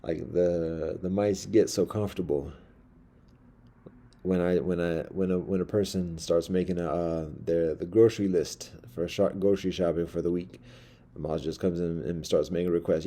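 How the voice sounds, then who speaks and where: A man telling a rambling comic monologue in a halting, wry way, with many restarts. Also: low voice, steady tone, mellow.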